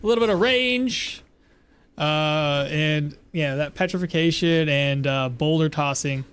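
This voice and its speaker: Chatty man with a high voice. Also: unhurried, fairly bright tone, clear, resonant tone. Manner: chatty, rambling, laughs at himself. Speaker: game streamer. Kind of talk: casual gameplay commentary.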